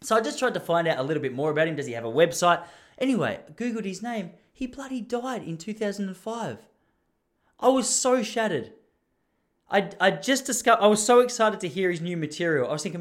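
A man's voice: sits high, fairly quick. A young adult man with an Australian accent, hosting a podcast and telling a rambling story, often restarting his sentences. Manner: rambling, animated, self-interrupting with restarts. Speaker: podcast host. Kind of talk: casual storytelling monologue.

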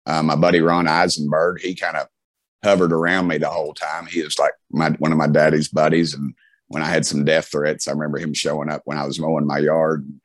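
A man's voice: extremely low pitch, level tone, a little fast, no room sound. A middle-aged man with a Southern US accent, telling folksy stories as an interview guest, with many restarts and fillers. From Tennessee. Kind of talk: casual storytelling.

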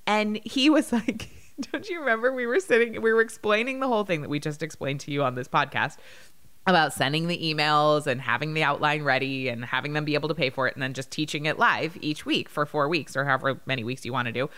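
Animated woman telling stories on a podcast. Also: sits low, quick pace, smooth. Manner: animated storytelling, lively quoted voices. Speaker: podcast co-host. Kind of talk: casual chat.

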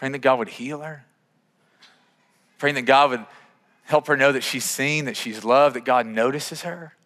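A man preaching in a church sanctuary, telling a personal story with lively, self-deprecating animation and voicing each part of the exchange. His voice sits at an ordinary male pitch, and a long reverb trails after his words through the hall. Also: measured pace. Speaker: pastor. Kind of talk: sermon storytelling.

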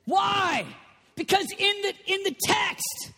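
A man preaching a lively sermon, animated and playful, bursting into shouts. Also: extremely high pitch, slow pace. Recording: long reverb of a large hall.

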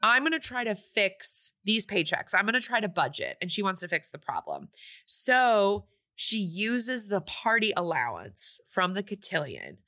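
Chatty woman recapping a movie, bright voice. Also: mid-range voice, a little slow. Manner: chatty, animated retelling with quoted asides. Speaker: podcast co-host.

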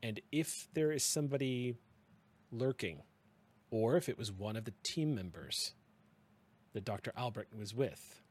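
A man's voice: mid-range voice, animated, a little slow, pauses often, a little mellow, slightly rough. Man narrating a tabletop game. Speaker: game master.

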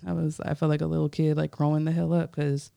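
A young woman from Florida tells stories in an animated, casual way, her voice gravelly yet smooth and resonant. She leans on "like" and slips into the voices of the people she quotes. The sound is dry and close, with no room in it. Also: sits low, fast, no room sound. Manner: animated, acts out quoted voices, many "like" fillers. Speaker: photographer guest. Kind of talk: casual interview storytelling.

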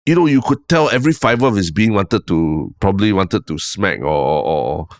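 Low-voiced Singaporean man chatting. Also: moderate pace, dry recording, studio quality. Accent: Singaporean English. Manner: relaxed, rambling storytelling with frequent "lah". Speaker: podcast co-host. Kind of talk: casual chat.

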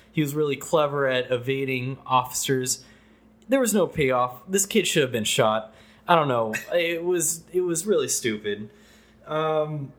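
Guy ranting about a movie he hated, lots of swearing, kinda high voice, casual podcast talk. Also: fairly bright tone. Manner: blunt, profane, ranting. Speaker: podcast co-host. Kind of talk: casual movie review chat.

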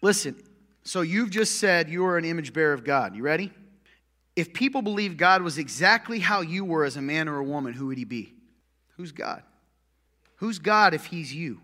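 Punchy pastor in an echoey hall. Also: male voice, on the high side, lively intonation, normal speed. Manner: punchy, joking, swings from loud to muttered asides. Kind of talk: sermon. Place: church hall with long reverb.

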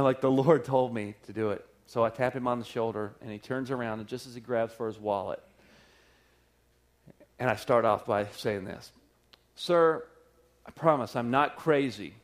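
During a church service, a pastor with a medium-pitched voice tells a personal story in his sermon. He's an animated storyteller, acting out quotes with lively delivery and laughing often.

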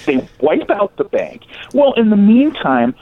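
Animated man telling a local story. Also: high-pitched, unhurried, a little hiss or hum. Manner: animated, acts out quoted voices. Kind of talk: casual storytelling of local history. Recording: tinny phone-like sound.

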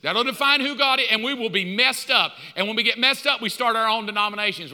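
A male pastor preaches in a high, piercing voice that rings through a long-reverb church hall. He is lively and conversational, and he acts out dialogue with God. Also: fast, hardly any pauses. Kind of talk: sermon. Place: church sanctuary.

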